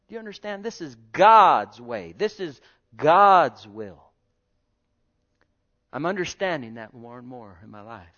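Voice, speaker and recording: A man preaching a sermon, swinging between loud exclaiming and quiet asides and calling out to his congregation. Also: on the high side, lo-fi sound. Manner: calls out to the congregation.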